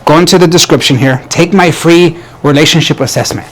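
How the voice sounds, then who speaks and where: A man's voice: on the high side, fairly quick. A man coaching married couples in a direct advice talk, emphatic, often restarting phrases and asking the listener "right?". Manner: asks the audience "right?" and "yes or no?". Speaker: relationship coach.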